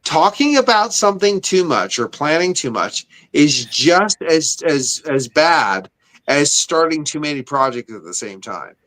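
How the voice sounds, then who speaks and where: A man's voice: a little high, big pitch swings, a little slow, fairly bright tone. A man co-hosting a podcast, telling rambling, profane stories in casual chat. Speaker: podcast co-host.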